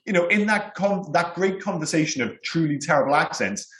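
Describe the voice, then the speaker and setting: A man's voice: a little high, lively intonation, a little fast, a bit bright. A man, co-hosting a casual film podcast, talking bluntly and at length. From Wales. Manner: candid, blunt, rambling opinions. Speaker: podcast co-host. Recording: roomy echo.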